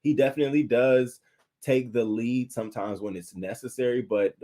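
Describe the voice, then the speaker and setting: Man, reality TV reviewer, casual commentary, animated, cursing, mid-pitched voice, reads out chat comments. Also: normal speed. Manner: animated, profane, talks back to viewers' comments; acts out quoted lines in a higher, louder voice.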